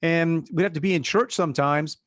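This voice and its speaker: A man in his fifties from Louisiana, co-hosting a casual chat and telling animated stories. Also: a little high, a little fast, no echo. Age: 50s. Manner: animated storyteller, acts out voices. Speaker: podcast co-host.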